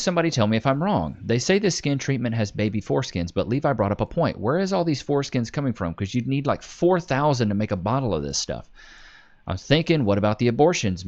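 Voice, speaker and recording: A man in his twenties chatting casually on a live stream, telling wild stories and reading comments aloud with animated swearing and laughter. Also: mid-range voice, dull audio. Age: 20s.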